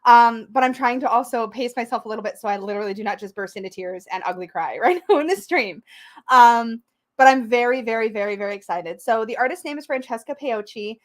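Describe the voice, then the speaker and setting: A woman hosting a livestream, her voice high and bright. She talks with excited emotion, tearful and laughing as she goes. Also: a little fast. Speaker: tarot channel host. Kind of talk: livestream chat.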